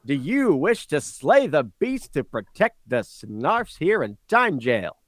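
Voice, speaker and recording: A brash, booming announcer voice belongs to a floating microphone, as a man puts it on, pitched well above his usual talk and pushed loud. It hypes the crowd in a showy game-show manner. The sound is dry and close, with no room around it. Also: big pitch swings, slow, no room sound, full character voice. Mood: announcing. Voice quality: loud, booming showman delivery.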